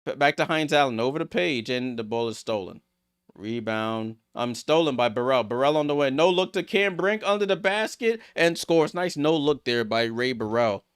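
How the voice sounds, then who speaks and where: A man hosting a live watchalong stream, calling basketball play-by-play and reacting excitedly to each play. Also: mid-range voice, moderate pace, clean tone. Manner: excitable, rattles off passes, reacts aloud. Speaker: watchalong host.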